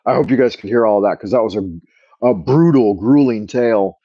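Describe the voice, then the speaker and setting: A man's voice: mid-range voice, a little fast, no echo. A man hosting a livestream, telling an exaggerated, profane story in a rambling way over a wireless earbud mic. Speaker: livestream host. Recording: dull dry earbud mic sound.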